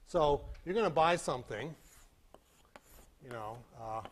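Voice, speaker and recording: Man, physics lecturer, lecture hall, animated, lively pitch, slightly high voice. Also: a little slow. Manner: animated, acts out beeping sounds and demonstrates with props. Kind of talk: classroom lecture.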